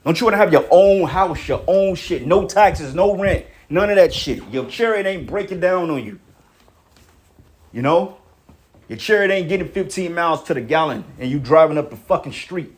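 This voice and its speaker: Man, heated street-preacher rant, swears constantly, voice sits a bit high. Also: animated, normal speed. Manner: heated, repetitive, swearing, ends lines with "man". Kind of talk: angry profane rant.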